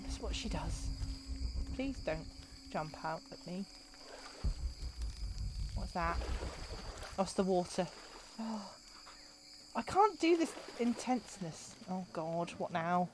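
A woman's voice: on the low side, a little hiss or hum. A woman, chatting and joking to herself while streaming a video game. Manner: chatty, jokey, talking to herself. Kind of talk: casual gameplay commentary.

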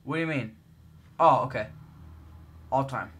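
A young man casually chatting while playing a game with a friend, excitable and prone to yelps and shouts. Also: medium pitch, measured pace, breathy edge. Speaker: gamer co-host. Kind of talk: casual gameplay chat.

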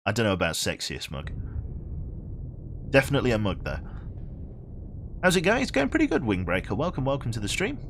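A young man with a Birmingham accent talks to his viewers as he plays, his voice rising and falling in an animated way. He swears freely, laughs at himself and keeps the chat loose and casual. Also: medium pitch, fairly quick, pauses often, slight background noise. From England. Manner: chatty and self-mocking, swears freely, laughs often. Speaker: game streamer. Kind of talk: casual live-stream chat while playing.

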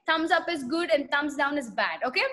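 A woman with a high voice leads a children's lesson over a video call. She tells a story and stops often to quiz the kids. She acts out the voices of the people in it. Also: normal speed. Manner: animated, asks children questions and acts out voices. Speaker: children's Sunday school teacher.

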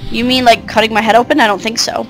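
A woman's voice: on the high side, flat delivery, quick pace, fairly bright tone, faint music behind, low-quality recording. A woman voicing a brave eleven-year-old girl, reading polite, earnest game dialogue aloud.

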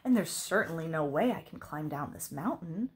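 A woman voicing a polite, quick-witted young princess in a storybook. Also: sits low, lively intonation.

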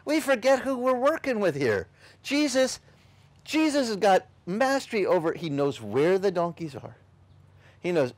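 Animated high-voiced male pastor. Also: no room sound. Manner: animated, acts out voices and shouts in quotes. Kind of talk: lively sermon.

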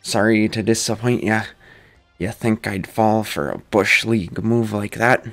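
A man doing a gruff boastful warrior brute. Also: fairly low pitch, unhurried, a bit bright, soft background music. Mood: taunting. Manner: rough folksy brogue, taunting. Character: brawny boastful male warrior, gruff and hot-headed.

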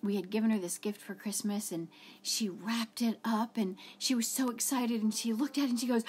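A woman's voice: a little high, steady tone, normal speed, slightly rough, faint music behind. A middle-aged woman giving an earnest devotional talk, telling personal stories in a conversational way. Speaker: ministry speaker.

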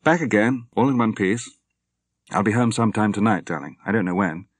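A polite young naval officer, crisp and dutiful, as a male narrator voices him close to his own low voice. The audiobook sound is dry and close. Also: fairly quick, dry recording. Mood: affectionate.

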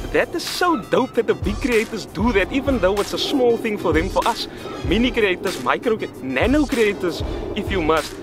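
A young South African man tells a casual vlog story in a rapid, tumbling rush, his voice sitting a little higher than most men's. He rambles excitably from one detail to the next. Music plays clearly underneath. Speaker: vlogger.

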